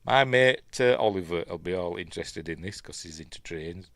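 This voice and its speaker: A man's voice: low voice, animated, normal speed, fairly bright tone, dry recording, clean studio sound. A middle-aged man with a Yorkshire accent, chatting casually and rambling through a film commentary at home, often correcting himself. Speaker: film reviewer.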